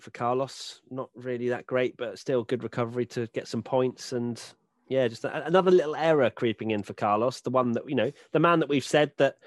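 A man's voice: mid-range voice, no echo. A man hosting a casual podcast chat, joking and reading out fan votes. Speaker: podcast host.

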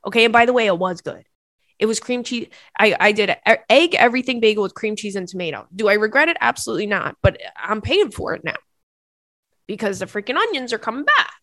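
A woman's voice: mid-range voice, lively intonation, fast talker, fairly bright tone, dry recording. A young woman hosting a podcast, giving candid advice in a chatty, casual way with frequent swearing and asides. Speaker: podcast host.

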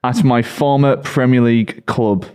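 A man reads out football quiz clues in a plain, matter-of-fact voice. His pitch sits in an ordinary middle range, and he speaks in the first person as the mystery player. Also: steady tone, a little slow, a little mellow, clean tone. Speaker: quiz host.

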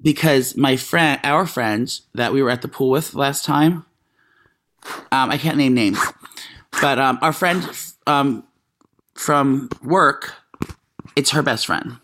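A man co-hosting a casual chat show, telling animated stories full of fillers and quick asides. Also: mid-range voice, slight background noise. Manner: animated storytelling, frequent fillers. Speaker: podcast co-host.

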